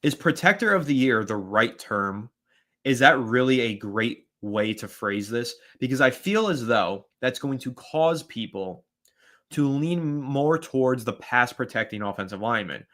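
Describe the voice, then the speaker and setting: A man hosting a live fan stream, chatting casually, rambling and shouting out viewers by name as he reads their comments. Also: medium pitch, lively intonation, measured pace.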